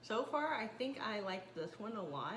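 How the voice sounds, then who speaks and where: Lively woman tasting, echoey kitchen. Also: medium pitch, moderate pace, a little hiss or hum. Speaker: taste tester. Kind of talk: casual chat. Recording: echoey room with background clatter.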